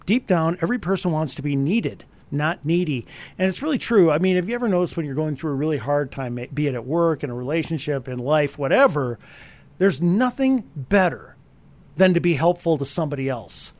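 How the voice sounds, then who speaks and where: Guy doing a radio movie review, lively up and down voice, kinda high, chatty, talks right at the listeners. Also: fairly quick. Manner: animated, talks straight to listeners.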